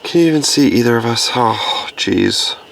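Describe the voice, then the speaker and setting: A man's voice: medium pitch, normal speed, creaky, fairly bright tone, slight background noise. A man vlogging on a wilderness camping trip, coaxing his dog in a sing-song voice and chatting casually. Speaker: outdoor vlogger. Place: outdoors in the woods at a campsite.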